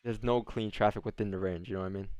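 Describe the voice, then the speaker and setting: Young male host from Canada, relaxed streaming chatter, smooth low-ish voice. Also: quick pace, dry recording. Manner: relaxed, laid-back banter with frequent laughs. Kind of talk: casual livestream chat.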